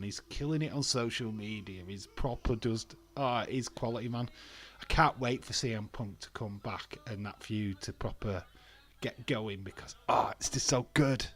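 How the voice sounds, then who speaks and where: A man giving casual, blunt commentary as he watches along with an old wrestling event, ranting and swearing freely. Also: lowish voice.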